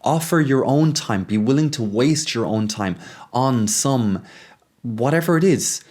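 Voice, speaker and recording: A man hosting a reflective monologue, thinking aloud with frequent pauses and restarts, growing urgent as he goes. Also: mid-range voice, expressive, a little mellow. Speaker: podcast host.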